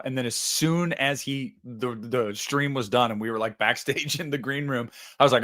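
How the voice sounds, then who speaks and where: A man's voice: medium pitch, normal speed, hardly any pauses, a bit bright. Male host, casual comic ranter, mid-range voice, playful indignation. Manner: joking, mock-indignant, competitive rant. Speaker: podcast host. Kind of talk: casual chat.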